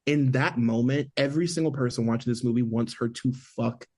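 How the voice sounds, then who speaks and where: Dude rambling about a movie on a podcast, super casual, says like constantly. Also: male voice, medium pitch, brisk, darkish tone. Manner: chatty, heavy on filler "like". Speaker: podcast co-host. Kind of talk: casual movie review chat.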